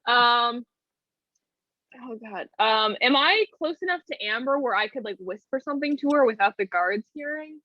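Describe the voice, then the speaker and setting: A woman's voice: a little high, expressive, moderate pace, dry recording, muffled recording. A woman playing a tabletop game, thinking aloud with hesitant fillers. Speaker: player. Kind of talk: casual tabletop play.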